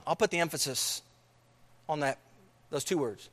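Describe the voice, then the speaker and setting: A man's voice: a little high, moderate pace, fairly bright tone, long reverb tail. A man preaching a sermon, emphatic, repeating key phrases and asking rhetorical questions.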